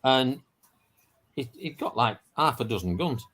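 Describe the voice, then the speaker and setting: A man's voice: mid-range voice, expressive, unhurried, a bit bright. A man trading jokes and telling a long anecdote in casual banter with friends.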